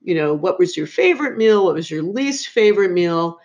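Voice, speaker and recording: A woman's voice: on the low side, animated, fairly quick, darkish tone. A middle-aged woman co-hosting a podcast, telling family stories in a casual chat with dry, wry humor. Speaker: podcast co-host. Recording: slightly dull, lo-fi recording.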